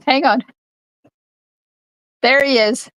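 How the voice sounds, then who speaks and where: A woman's voice: sits high, fairly even intonation, slow pace, a bit bright, no echo, low-quality recording. An older woman, a card-making instructor, chatting to viewers during a live-streamed craft tutorial in her home craft room. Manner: chatty, talks to viewers while stamping.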